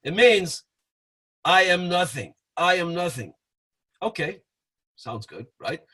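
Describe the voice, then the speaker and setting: A man's voice: fairly high pitch, expressive, a little slow, sharp tone, husky. A man giving an informal webinar lesson, telling stories and now and then acting out chanting. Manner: storytelling with acted chanting. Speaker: webinar teacher. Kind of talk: informal teaching talk. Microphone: webinar call mic.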